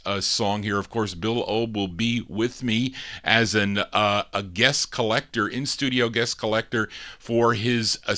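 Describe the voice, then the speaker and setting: A man hosting a live show of old records, with a fairly low voice that still comes across bright and forceful. He talks in a chatty way, full of dates and label details.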